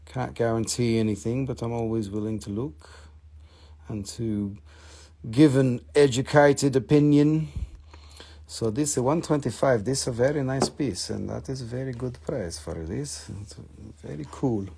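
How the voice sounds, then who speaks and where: Gravelly-voiced man selling minerals live. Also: mid-range voice, moderate pace, mellow. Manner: chatty, enthusiastic, answers viewer comments. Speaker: mineral seller hosting a live sale. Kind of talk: casual live-stream sales chat.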